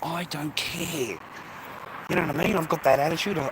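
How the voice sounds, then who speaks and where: A man's voice: on the high side, moderate pace, pauses often, background noise. A middle-aged Australian man vlogging in a profane, rambling, blokey way and laughing often. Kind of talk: casual rambling monologue.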